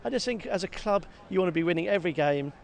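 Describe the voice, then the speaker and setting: A man co-hosting a football podcast, talking in a lively, self-mocking way and often repeating words. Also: sits high, fast talker, creaky. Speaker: podcast co-host. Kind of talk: casual football chat. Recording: faint background noise.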